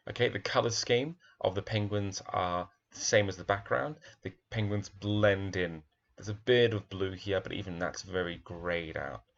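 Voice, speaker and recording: A man's voice: low-pitched, creaky, a bit bright, dull audio. A man, a primary school teacher, talks thoughtfully through a picture book, admiring its pages and asking questions aloud.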